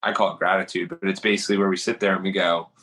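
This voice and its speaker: A man with a low voice hosts a podcast conversation. He affirms his guest and expands on the ideas in a loose, chatty way. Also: flat delivery, racing, bright, forceful tone, poor audio. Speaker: podcast host. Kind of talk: casual interview conversation.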